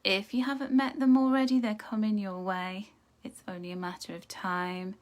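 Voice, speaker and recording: A woman reading angel cards live, chatting to viewers and reacting to their comments, with softer, slower passages for affirmations. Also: mid-range voice, flat delivery. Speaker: angel card reader. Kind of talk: live card reading chat.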